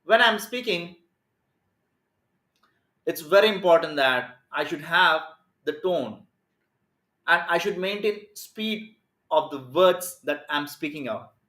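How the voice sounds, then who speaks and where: A man, a communication skills coach teaching a live lesson in an energetic, emphatic way. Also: on the high side, slow, pauses often, echoey room. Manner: energetic, emphatic, plays with stress and pace.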